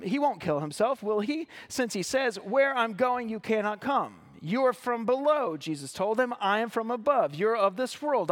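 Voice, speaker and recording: A pastor with a notably high voice for a man delivers an earnest sermon. He reads scripture passages aloud and then explains them, now and then restarting a phrase or adding an "uh.". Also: fairly bright tone. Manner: occasional restarts and filler words.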